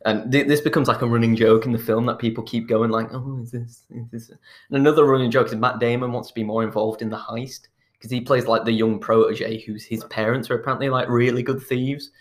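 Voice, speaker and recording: A man in casual chat, retelling a film plot in a rambling way, restarting his sentences and chuckling as he goes. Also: mid-range voice. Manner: rambling, restarts often, chuckles while telling.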